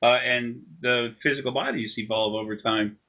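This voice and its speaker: Bright-toned man rambling over a video call. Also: medium pitch, steady tone, moderate pace. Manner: rambling, drifting into long anecdotes. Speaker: energy healer. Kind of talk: casual explanation during a session.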